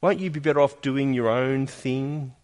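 Male pastor mid-sermon: earnest, probing questions, emphatic peaks and soft asides. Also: medium pitch, moderate pace. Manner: earnest, questioning, with emphatic rises and quiet drops.

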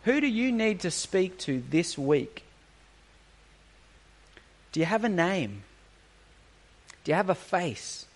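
A man's voice: sits high, very animated, takes it slowly, long pauses. A man preaching a sermon to a congregation, earnest and full of rhetorical questions, with a touch of sarcasm.

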